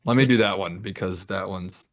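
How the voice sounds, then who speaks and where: A man's voice: low-pitched, normal speed. A young man on a podcast, telling a rambling story in casual chat with friends and acting out the voices in it. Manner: rambling, animated, acts out quoted voices. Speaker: podcast co-host.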